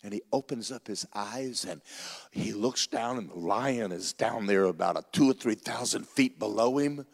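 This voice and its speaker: Folksy male pastor, animated sermon storytelling, reverberant hall. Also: lowish voice, moderate pace, creaky, slightly rough.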